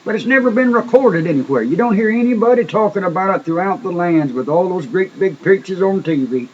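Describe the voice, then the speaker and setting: A man's voice: sits high, animated, fairly quick, darkish tone, husky. A man telling a testimony in an emphatic, folksy sermon style, often repeating words. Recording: dull lo-fi recording with faint noise.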